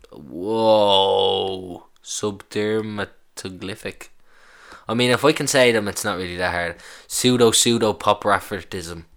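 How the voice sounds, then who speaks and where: Podcast host, lowish voice, loose and sweary, chats to himself while clicking around. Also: male voice, fairly bright tone. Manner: swearing, amused, reacting aloud while browsing. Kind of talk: casual solo podcast chat.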